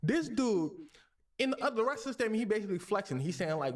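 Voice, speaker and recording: Animated young man retelling a story, high voice. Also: quick pace. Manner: animated, slangy, jokey. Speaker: streamer host. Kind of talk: casual storytelling commentary.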